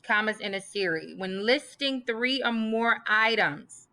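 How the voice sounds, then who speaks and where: A woman's voice: a little high, lively intonation, a little slow, pushed and bright. A woman teaching a grammar lesson, emphatic and reading example sentences aloud. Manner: emphatic, repeats list items aloud.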